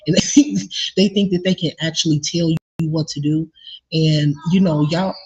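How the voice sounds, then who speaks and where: Husky-voiced woman ranting. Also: sits low, steady tone, normal speed, a little mellow, low-quality recording. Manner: indignant, profane, addresses viewers as y'all. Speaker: vlogger telling a personal story. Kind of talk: heated casual rant to viewers.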